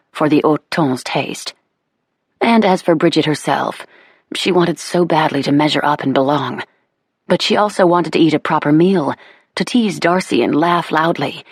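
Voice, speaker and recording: A woman narrating a historical romance audiobook with measured, even storytelling into a close studio mic. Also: sits low, creaky, breathy edge, no echo. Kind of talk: scripted narration of a romance novel.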